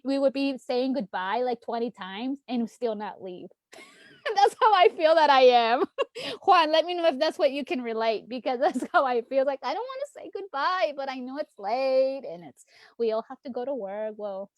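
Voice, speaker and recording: A woman's voice: high-pitched, lively intonation, moderate pace, dry recording. A woman in her thirties who is a political candidate, talking in a late-night livestream chat and laughing often between phrases.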